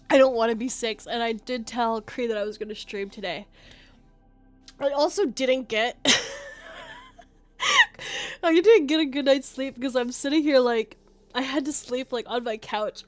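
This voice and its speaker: Brief: young woman game streamer, high youthful voice, rambling and profane, sniffly with a cold. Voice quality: high, youthful voice she calls cute. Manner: rambling, swears often, reacts to chat. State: sniffly, sneezing and clearing throat. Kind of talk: casual game stream chat.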